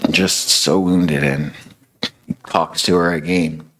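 Young guy preaching, super deep husky voice, slow and chatty, lots of "you know". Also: fairly even intonation, a bit bright, a little hiss or hum. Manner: conversational, many fillers like "you know". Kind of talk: storytelling sermon.

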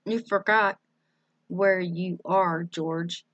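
A prim, well-mannered mother who gently corrects her family, as a woman reads her part. Her voice stays polite and even. The recording is dry. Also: fairly low pitch, extremely slow, no room sound, dull audio.

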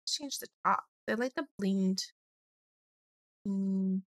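A young woman, slightly hoarse, chatting and rambling through a let's play of a life-sim game. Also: mid-range voice, slow pace, no echo, clean studio sound. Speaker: gaming YouTuber.

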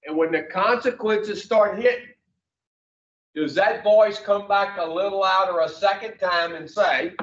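A man's voice: high-pitched, measured pace, a bit bright. A man, teaching a recovery class in a blunt, folksy way with mild swearing. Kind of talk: plain-spoken class talk. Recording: echoey, distant, dull room recording.

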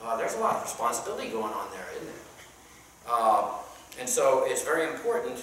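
A Sunday school teacher with a bright, sharp-edged voice talks through a Bible lesson in a casual, halting way, with plenty of "uh"s and questions for the class. The scripture passages come in old King James wording. The voice bounces around a very echoey church room, picked up from well away from the mic with a faint hiss underneath. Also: medium pitch, very animated, recorded from a distance. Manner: conversational, asks the class questions, many "uh"s.

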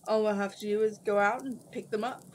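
A conceited wizard who speaks in haughty, showy tones, as a woman reading a storybook puts him on. His voice sits at an ordinary pitch, neither high nor low. A faint hum of background noise sits under the reading. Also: steady tone, fairly quick, natural voice, rough recording. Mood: smug. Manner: haughty, grandly theatrical, shrieking when crossed. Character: smug pompous male wizard, theatrical and vain.

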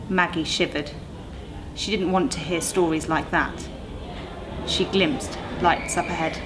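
Low-voiced woman reading a ghost story. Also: fairly even intonation, a little slow. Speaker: school staff reader. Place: school. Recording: noisy recording.

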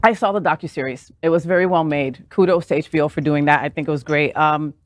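A woman's voice: sits low, quick pace, no echo. A woman co-hosting a talk show, chatting candidly and giving her opinion with fillers. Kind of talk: casual chat.

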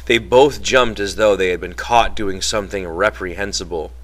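A man reads a novel aloud for an audiobook. His storytelling is calm and even, and his voice has a bright, clear edge. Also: low-pitched, normal speed. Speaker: audiobook reader. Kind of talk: novel narration.

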